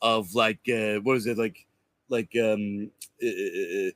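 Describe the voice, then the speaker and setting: A podcast co-host, a man, talks through his opinions in a loose, rambling way, full of restarts and "um"s and the odd swear word. His voice is bright and forceful. The recording is dry and close, with no room sound. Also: lowish voice, steady tone, takes it slowly, no room sound. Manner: rambling, lots of restarts and fillers; swears casually. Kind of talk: casual review chat.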